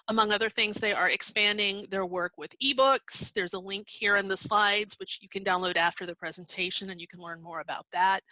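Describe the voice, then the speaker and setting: Bright-voiced woman presenting a library class. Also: mid-range voice, no echo, poor audio. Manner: conversational, explanatory, with fillers and restarts. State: hiccups. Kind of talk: virtual conference presentation with screen sharing.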